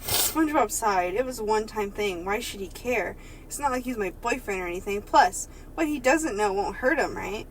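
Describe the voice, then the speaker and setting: A woman's voice: mid-range voice, expressive, moderate pace, a little hiss or hum, rough recording. A woman co-hosting a comedy podcast, chatting casually and giggling while she reads a story aloud. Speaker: podcast co-host. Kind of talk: casual comedic chat and fanfiction reading.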